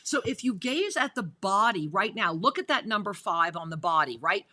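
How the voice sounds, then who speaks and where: A woman's voice: medium pitch, animated, normal speed, pushed and bright. A woman hosting a spiritual talk radio show, enthusiastic and speaking straight to her listeners. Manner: enthusiastic, addresses listeners directly. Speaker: host.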